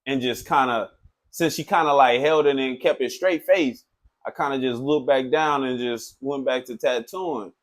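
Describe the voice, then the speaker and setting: A man who works as a tattoo artist, telling a story in a loose, animated, profane way, full of filler phrases. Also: mid-range voice, moderate pace. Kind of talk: casual storytelling.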